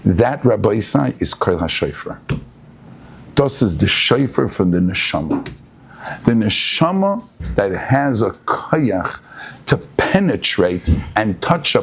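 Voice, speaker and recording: Animated rabbi teaching a Torah class. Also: male voice, mid-range voice, husky. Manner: animated, mixes Hebrew and Yiddish, rises to excited emphasis.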